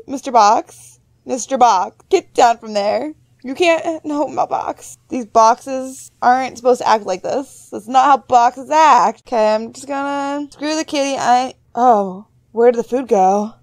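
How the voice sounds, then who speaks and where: A young gaming YouTuber speaks a little slowly as she plays a horror game, reading text aloud and joking to herself. Startled moments draw high-pitched squeals from her. The recording has no echo.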